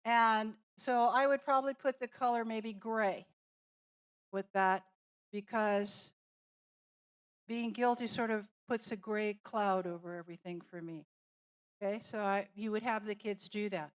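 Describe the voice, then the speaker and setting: A woman's voice: mid-range voice, steady tone. A woman presenting a teacher training workshop in a classroom, explaining an activity step by step and walking through examples. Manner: slow, deliberate, explaining and demonstrating with examples.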